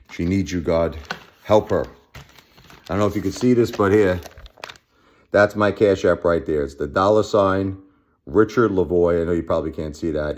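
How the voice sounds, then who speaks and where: A middle-aged man talking straight to the camera, profane and emphatic, his voice swinging between low muttering and high shouting. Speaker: vlogger. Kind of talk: angry personal vlog rant.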